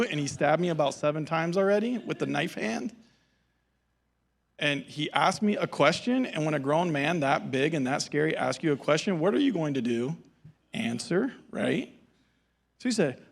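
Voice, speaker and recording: A man's voice: fairly high pitch, creaky. A male pastor giving a sermon in a casual storytelling manner and acting out the dialogue.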